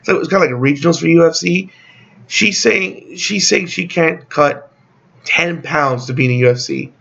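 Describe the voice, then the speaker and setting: A YouTube channel host talks in a casual, rambling opinion vlog, blunt and profane with sarcastic asides. His voice is fairly high, a bit bright and creaky, at normal speed, in a muffled recording.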